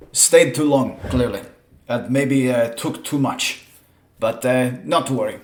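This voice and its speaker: A man's voice: mid-range voice, slow pace, close to an everyday voice. A man voicing a stiff, wry male alien who speaks for a mercenary company, formal and clipped with dry chuckles, in a tabletop game. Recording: roomy echo.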